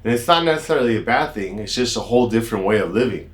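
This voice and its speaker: A man's voice: medium pitch, very fast. An American man, a doctor, telling a personal story in a casual, rambling way with plenty of asides. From United States. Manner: relaxed, rambling, with many "kinda" and "you know" asides. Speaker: doctor hosting a health channel.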